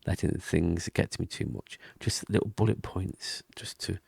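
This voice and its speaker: A man speaks softly at his desk, keeping his voice down and drifting between thoughts in a casual diary vlog. His voice is deep and gravelly with a husky edge. The sound is dry and close, with no room around it. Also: moderate pace, no echo. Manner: quiet, rambling, often half-whispered talk. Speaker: vlogger. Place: home room with thin walls. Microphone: desk mic and webcam.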